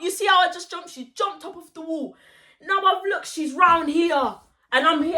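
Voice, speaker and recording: Young woman vlogger, high and bright, animated slang storytelling. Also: measured pace. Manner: animated, slangy retelling with quoted voices. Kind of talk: story time vlog.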